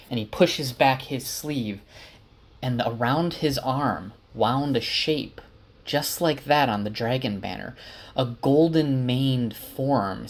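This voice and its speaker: Guy loosely retelling a book to his wife, chatty, lots of uhs. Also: medium pitch. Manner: chatty, with frequent uh fillers. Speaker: book summarizer. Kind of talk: casual story recap.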